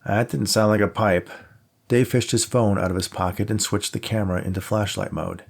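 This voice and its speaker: A man reading his own novel aloud as audiobook narration, steady and measured. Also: fairly low pitch, vocal fry, husky.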